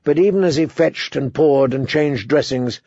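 A male audiobook narrator tells the story steadily in a gravelly voice that is a little husky and sits somewhat high. The recording is dry and slightly dull. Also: normal speed, darkish tone, no room sound. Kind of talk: scripted narration.

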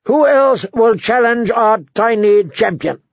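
A man's voice: very high voice, animated, slow, no echo, voice pushed up, exaggerated voice. A spoiled, drunken teenage king shrills his taunts in a voice pushed well above the reader's own, as a man puts him on. He sounds gleeful and cruel. The audiobook recording is dull and dry.

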